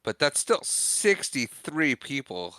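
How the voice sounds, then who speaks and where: Co-host, dry quips, bright crisp voice, dead-dry room. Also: male voice, medium pitch, very animated, slow pace, no room sound. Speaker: podcast co-host. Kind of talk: casual chat.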